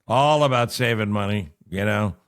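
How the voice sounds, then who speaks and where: A man's voice: on the low side, normal speed, a bit bright. A middle-aged man hosting a conversational interview, chatting with wry, joking asides. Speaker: talk show host.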